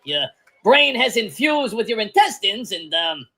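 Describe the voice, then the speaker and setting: A voice actor playing a smug cartoon doctor who gives bad news in a dry, mocking, deadpan way. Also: mid-range voice, a little slow, vocal fry, soft background music, full character voice. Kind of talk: cartoon parody voice acting.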